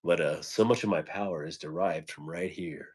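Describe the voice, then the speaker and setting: A man's voice: sits low, normal speed, darkish tone, slightly rough. A man hosting a casual live stream from home on his phone, greeting viewers by name with rambling, joking asides.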